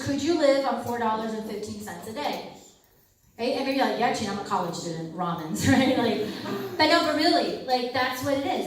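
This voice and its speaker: A young adult woman giving a lively storytelling talk, acting out the people in her stories and laughing often. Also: a little high. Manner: animated, acts out quoted people, laughs often. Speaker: speaker at a campus ministry talk. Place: hall at a university ministry center. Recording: very echoey hall, mic far off.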